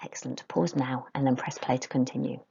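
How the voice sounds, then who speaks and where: A woman teaching a French pronunciation lesson to pupils, modelling words slowly for them to repeat. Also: extremely low pitch, steady tone, vocal fry, mellow, dull audio, slight background noise.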